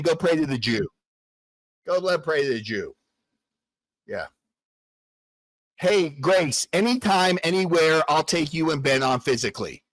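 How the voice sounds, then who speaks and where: A man's voice: a little high, dry recording, poor audio. A man arguing aggressively on a livestream, talking over his opponent. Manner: aggressive, shouting over the other speaker. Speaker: debater on a livestream. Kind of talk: heated livestream argument.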